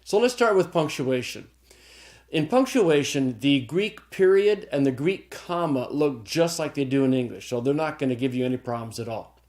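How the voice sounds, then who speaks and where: A man's voice: medium pitch, expressive, moderate pace, darkish tone. A man teaching a recorded lesson, patient and repetitive, often checking in with the listener. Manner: patient, repeats key points and checks with "okay?". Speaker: Greek teacher. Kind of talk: recorded lecture.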